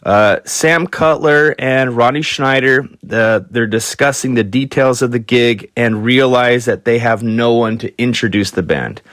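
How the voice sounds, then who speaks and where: A man telling rock and roll stories on his podcast in a loose, offhand way, cursing freely and jumping into higher voices for quotes. His voice sits at an ordinary pitch and is recorded close and dry, with no room sound. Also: a little slow, hardly any pauses, a bit bright, dry recording. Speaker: podcast host. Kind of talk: casual storytelling.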